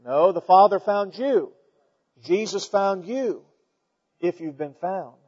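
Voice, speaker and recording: A man preaching a sermon, telling stories and swinging between loud emphatic peaks and quiet asides. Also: sits high, lively intonation, slow, slightly rough, long reverb tail, lo-fi sound.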